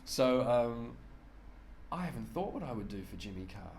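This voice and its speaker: A comedian, telling lively anecdotes in a casual interview, often laughing and acting out voices. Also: male voice, medium pitch, moderate pace, vocal fry, slight background noise. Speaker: comedian guest. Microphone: shared handheld microphone.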